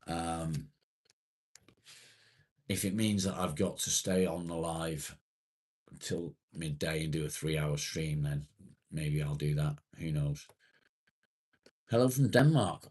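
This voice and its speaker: A man chats on a live stream in a deep, unhurried voice with a husky edge. He reads out viewers' comments, swears freely and rambles along in a self-deprecating, low-key way. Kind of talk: casual live-stream chat reading comments.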